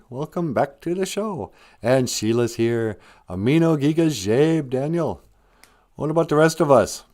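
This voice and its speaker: Male live-stream host, playful and teasing, very lively up-and-down pitch, reading viewer chat. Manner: joking, reads chat aloud, teasing.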